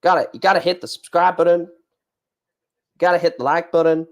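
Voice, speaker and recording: A man's voice: a little high, little pitch movement, fairly quick, gravelly. A man doing a swaggering American patriot. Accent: mock Southern American.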